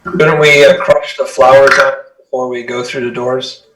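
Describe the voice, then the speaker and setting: A man's voice: mid-range voice, steady tone, moderate pace, very noisy. A man playing a tabletop game, asking earnest questions in casual chat. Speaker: player. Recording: distant echoey room with crowd chatter.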